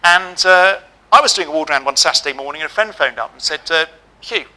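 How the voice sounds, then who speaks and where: Bright-voiced man telling stories. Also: a little high, fast, poor audio. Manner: lively storytelling with humor. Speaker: keynote speaker. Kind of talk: keynote speech. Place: auditorium.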